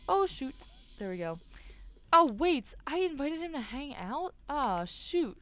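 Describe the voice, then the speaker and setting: A woman giving casual commentary while playing a life-simulation game, excitable and quick to gasp and squeal. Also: high voice, soft background music. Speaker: gaming YouTuber. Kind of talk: casual let's-play commentary.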